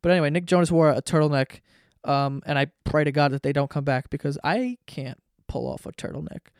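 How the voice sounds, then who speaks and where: A man's voice: on the high side, a little fast, darkish tone, clean tone, dry recording. Male podcast host, profane and sarcastic rambler, dry close recording, resonant tone. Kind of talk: casual comedic rant.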